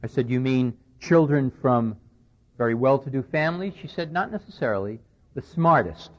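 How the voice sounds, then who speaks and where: A man's voice: medium pitch, lively intonation, moderate pace. A man giving a conversational lecture, recounting a conversation and speaking with emphasis, on an old radio recording. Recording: dull lo-fi 1990s radio recording.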